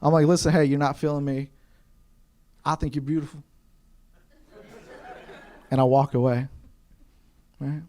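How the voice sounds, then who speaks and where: A man's voice: fairly high pitch, measured pace, long pauses. A young man from Kentucky performing a stand-up comedy set on a club stage, acting out the other people in his stories. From Kentucky, USA. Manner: animated storytelling, acts out voices of others. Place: comedy club stage before a live audience.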